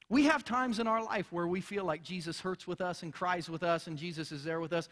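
In a large hall whose reverb lingers, a male pastor delivers a sermon in a high, fairly bright voice at normal speed. He's earnest and emphatic, growing more intense as he hammers his points home.

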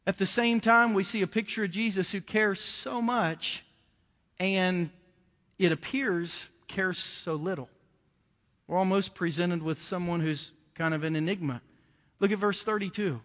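A man preaching a sermon with a fairly high voice, talking to the congregation like a conversation and pushing up into emotional emphasis. His voice rings out with a long reverb trailing behind it. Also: steady tone, a little slow, a bit bright.

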